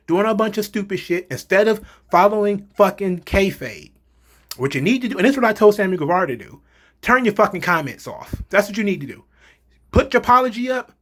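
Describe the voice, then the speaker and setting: A man's voice: high voice, a bit bright. A man in a heated, profane opinion rant as a vlogger, hammering his points with repeated emphasis. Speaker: wrestling commentator vlogger.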